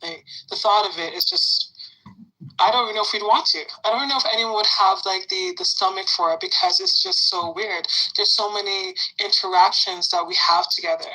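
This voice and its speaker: A woman's voice: mid-range voice, sing-song, fairly quick, sharp tone, breathy edge, poor audio. A woman from Canada talking politics in a blunt, outspoken way, swearing freely in casual chat.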